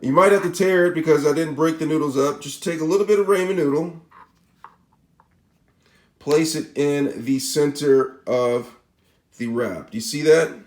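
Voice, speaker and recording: A man with a Spanish accent walks through a recipe step by step, casual and chatty, often checking in with the viewer. His voice sits a little high for a man. The room around him is echoey. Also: darkish tone. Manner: casual, repeats "all right?" and "okay?" to check in. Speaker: cooking channel host. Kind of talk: step-by-step cooking demonstration.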